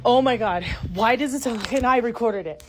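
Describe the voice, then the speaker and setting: A woman's voice: a little high, fairly quick. A middle-aged woman filming inside her house on a phone, talking urgently to viewers, frightened and dropping to whispers. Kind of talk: handheld home video talking to viewers. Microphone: phone camera. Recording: home phone video with clear background noise.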